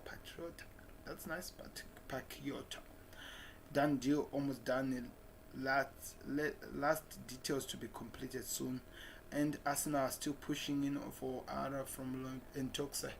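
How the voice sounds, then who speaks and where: Man chatting football news, quiet hiss. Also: mid-range voice. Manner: reads headlines aloud with restarts and muttered asides. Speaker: football channel host. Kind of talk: casual chat reading transfer news.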